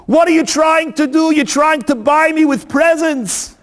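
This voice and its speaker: A man's voice: extremely high pitch, voice pushed up. A man doing a scornful, furious husband. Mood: scornful fury. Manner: slow, scornful shouting. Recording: long hall reverb.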